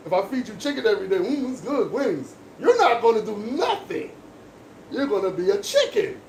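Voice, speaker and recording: A man with a fairly high voice holds forth in an emphatic, lecturing way during casual barbershop chat. The sound is roomy and echoing, with clear background noise from the shop around him. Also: huge pitch swings, a little fast, distant mic. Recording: echoey room with background noise.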